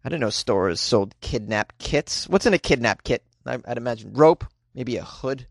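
At a moderate pace and with a creaky voice, the host delivers sarcastic, animated news comedy on a dry recording. Frequent laughter punctuates his delivery, and he pops into a high squeaky voice for one-liners.

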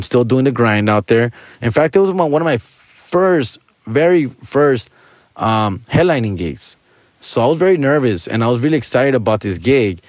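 A man's voice: medium pitch, no room sound. A male stand-up comedian telling a personal story to listeners in a casual, candid way, full of street slang. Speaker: stand-up comedian, podcast host.

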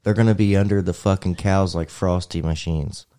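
A man's voice: deep voice, steady tone, normal speed, mellow. A man in casual chat, cracking crude, profane jokes in a rambling way.

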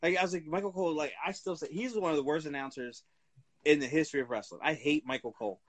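Man, podcast co-host, casual wrestling talk, slightly high voice, profane, laughs a lot. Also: fast. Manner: profane, laughing, animated storyteller.

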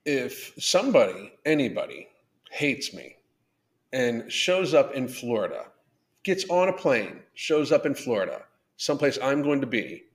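A man of middle pitch hosts a live podcast and talks bluntly, swearing often. He rants and reads out viewer chat in a loose, casual way. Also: big pitch swings, a little slow. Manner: profane, blunt, ranting. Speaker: podcast host. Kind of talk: live-stream rant reading chat.

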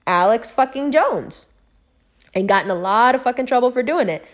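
Speaking at a moderate pace with a voice on the high side, a middle-aged vlogger rambles through a personal story. She cusses freely, and her telling shifts from loud excitement to quiet, hushed recounting.

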